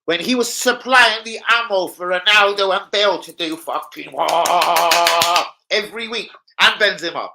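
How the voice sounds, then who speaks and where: A young man hosting a football fan channel rants casually, swearing a lot, using plenty of slang, and slipping into impressions of people. His voice sits high and comes out a little slow and creaky. The delivery is animated, with background noise behind him.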